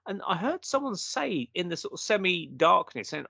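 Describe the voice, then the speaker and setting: A man, a guest in a conversation, telling a long story and acting out what people said. His voice sits a little high and sounds bright, with wide swings in pitch. The sound is close and dry. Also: normal speed, vocal fry, no room sound. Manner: animated storyteller acting out quotes. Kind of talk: casual anecdote in conversation.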